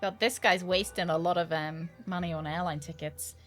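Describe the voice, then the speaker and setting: A woman's voice: on the low side, fairly even intonation, normal speed, a bit bright, soft background music. A woman streaming a mystery game, thinking aloud, repeating herself and swearing casually. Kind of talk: casual live-stream commentary.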